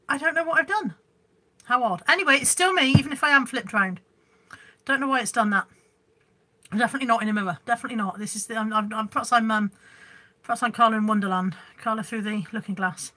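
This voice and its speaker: Recording on her phone camera at home, this woman runs a reseller live stream, speaking fast in a slightly high voice with a sharp tone. She's chatty and scattered, reading out viewer comments and rambling a little.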